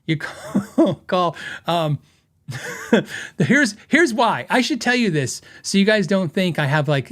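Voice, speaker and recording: A man's voice: a little high, fairly bright tone. A man hosting a podcast, telling stories in a rambling, casual way and laughing often. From western United States. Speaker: podcast host.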